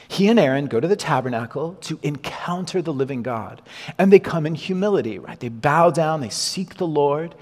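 Husky male preacher in a big hall. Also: a little high, moderate pace. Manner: animated, acts out the people, Moses and God in dialogue. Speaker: pastor. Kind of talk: sermon. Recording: long hall reverb.

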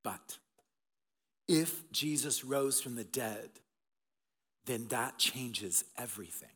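A middle-aged man preaching an Easter sermon as pastor, swinging between loud emphatic bursts and soft, hushed passages. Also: mid-range voice, animated, slow, breathy edge. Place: church auditorium. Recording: long reverb of a large hall.

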